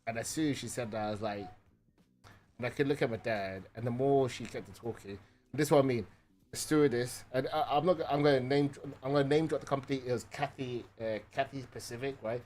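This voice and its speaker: Rambling, animated male streamer. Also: mid-range voice, fairly quick, soft background music. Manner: rambling, animated, swears, keeps adding "right?". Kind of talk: casual storytelling.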